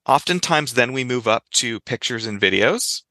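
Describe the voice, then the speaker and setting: A man speaking as a clinical psychologist guest in a conversational interview, explaining in a lively way and giving examples. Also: medium pitch, moderate pace, dry recording.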